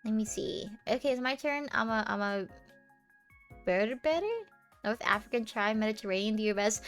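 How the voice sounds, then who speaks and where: A woman's voice: fairly high pitch, normal speed, fairly bright tone, faint music behind. A young American woman streaming live, chatting casually and playfully with many restarts. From United States.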